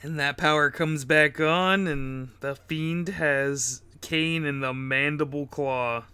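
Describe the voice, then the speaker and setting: A man's voice: a little high, fairly even intonation, slow pace, sharp tone, clean tone. A man co-hosting a casual wrestling chat, laid-back and agreeable. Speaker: podcast co-host.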